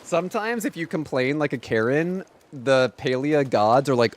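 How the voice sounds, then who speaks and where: A young man streaming a game, chatting casually in an excitable, dramatic and sarcastic way. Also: medium pitch, normal speed, few pauses, a little hiss or hum. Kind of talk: casual gaming livestream chat.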